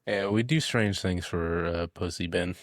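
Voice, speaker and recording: A young man co-hosting a podcast in casual comedic chat, making dry, deadpan quips. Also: low voice, measured pace, no room sound. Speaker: podcast co-host.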